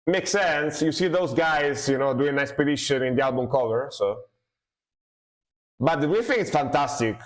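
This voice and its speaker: A man's voice: a little high, moderate pace. A man streaming live music reactions, musing aloud, fumbling over foreign words and cheering the riffs. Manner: excited exclamations over the music.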